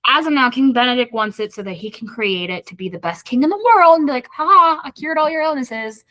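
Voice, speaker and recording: A woman's voice: a little high, lively intonation, quick pace, no echo. A woman co-hosting a casual book club podcast, animatedly retelling the plot and acting out the characters' lines. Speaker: podcast co-host.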